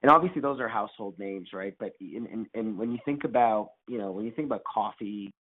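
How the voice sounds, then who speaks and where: A man's voice: fairly low pitch, brisk. A man, a startup founder as guest, answering interview questions over a call in a rambling way, often restarting his sentences. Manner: rambling with many restarts and fillers. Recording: tinny phone-line audio.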